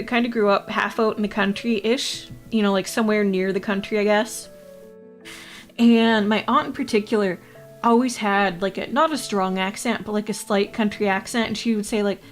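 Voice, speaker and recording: A woman from Canada, chatting casually with her livestream chat, rambling and laughing often. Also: mid-range voice. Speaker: VTuber streamer.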